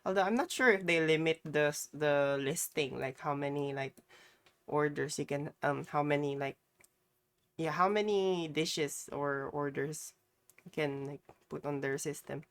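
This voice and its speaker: A woman's voice: deep voice, measured pace. A woman streamer chatting casually while reacting to a clip, rambling and trailing off. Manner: rambling, many fillers and restarts.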